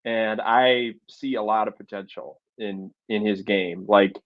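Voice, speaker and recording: A man's voice: lowish voice, steady tone, unhurried, dry recording, lo-fi sound. A man co-hosting a sports chat show, breaking down recruiting in an analytical way with frequent fillers. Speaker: sports podcast co-host.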